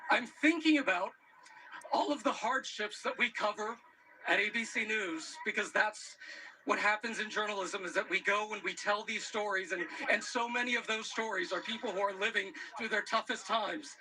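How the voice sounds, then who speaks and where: Guy reporter live outside, super high bright voice, choked up and laughing, bit of noise behind. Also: moderate pace, low-quality recording. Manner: emotional, laughing through words. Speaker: news correspondent. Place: outdoors at an eclipse crowd.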